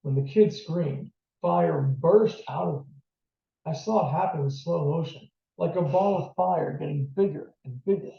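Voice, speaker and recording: A man's voice: on the high side, measured pace, creaky. A man voicing a skeptical middle-aged nurse. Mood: recounting. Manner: sharp and incredulous. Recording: distant, roomy, dull lo-fi.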